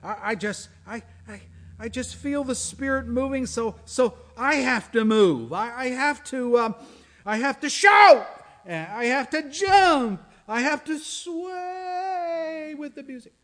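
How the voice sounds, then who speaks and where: Pastor doing a giddy, stammering churchgoer, pitched way up and loud. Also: male voice, expressive, takes it slowly, full character voice. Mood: excited. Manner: stammering, rising to a shout. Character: overexcited male worshipper, stammering, self-justifying.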